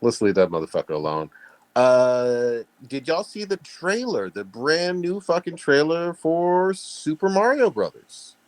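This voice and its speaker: A man's voice: a little high, big pitch swings, measured pace, no room sound. A man hosting a casual podcast chat, blunt and heavy on profanity, talking with emphasis. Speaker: podcast host.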